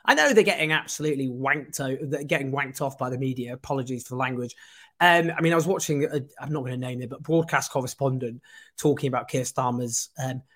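A man hosting a political livestream, impassioned and sarcastic with quick asides. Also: medium pitch, a bit bright. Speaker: host.

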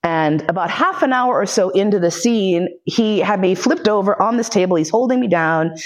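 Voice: medium pitch, animated, moderate pace. A podcast host telling a personal story in a blunt, profane way, full of fillers and restarts, acting out what other people said. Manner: blunt, profane, with frequent fillers and self-interruptions; vivid re-enactment of other people's speech. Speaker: podcast host giving a lecture.

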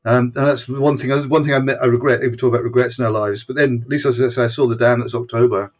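A man's voice: mid-range voice, steady tone, quick pace. A Scottish man in his sixties, a guest on a video-call interview, talking in a rambling, casual way with frequent restarts. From Scotland. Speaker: guest, former punk fanzine editor.

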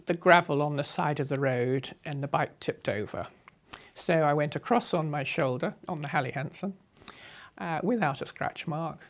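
Elderly woman telling her story. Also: deep voice. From England. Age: 80s. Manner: unhurried, wry, with soft laughs. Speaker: interviewee. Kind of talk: reminiscing storytelling.

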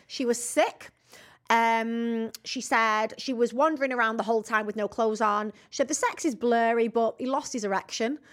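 A woman's voice: on the high side, fairly even intonation, normal speed. A woman co-hosting a podcast in casual chat, brash and laughing, swearing freely. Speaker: podcast co-host.

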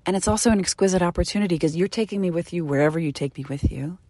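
A middle-aged woman talks into her podcast microphone in a low, earnest voice. She speaks from the heart and sometimes drops to a near whisper. The sound is close and dry. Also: dry recording. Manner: earnest and heartfelt, slowing to a soft whisper at tender moments. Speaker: podcast host. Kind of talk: intimate solo podcast monologue. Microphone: studio microphone.

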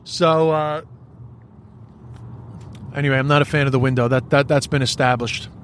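An Irish man hosting a podcast, ranting in a profane, rambling, animated comic style. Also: medium pitch, normal speed, slight background noise. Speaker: podcast host. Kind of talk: solo comedic podcast rant.

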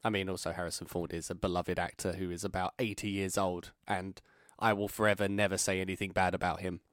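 A man's voice: deep voice, level tone, quick pace, fairly bright tone, dry recording, studio quality. A man co-hosting a podcast in casual chat, teasing and wry with frequent laughter. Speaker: podcast co-host. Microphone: podcast microphone.

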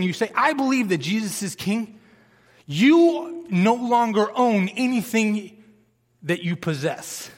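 A man's voice: high-pitched, lively intonation, takes it slowly. Fired-up preacher man in a reverberant hall. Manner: passionate, emphatic, fired up. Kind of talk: sermon.

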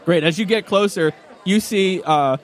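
A man narrating a tabletop game as game master, animated and playful, often laughing. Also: sits high, moderate pace.

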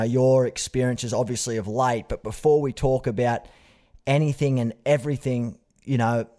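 An Australian man hosting a podcast in a friendly, matey way. His voice sits at a middle pitch, and he talks the way one talks to a mate in a casual interview. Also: darkish tone. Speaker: podcast host.

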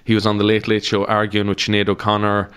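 A man's voice: lowish voice, completely flat delivery, fast talker, fairly bright tone, smooth. A man with an Irish accent, a comedian guest chatting casually on a podcast and telling stories with laughs and swearing. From Ireland.

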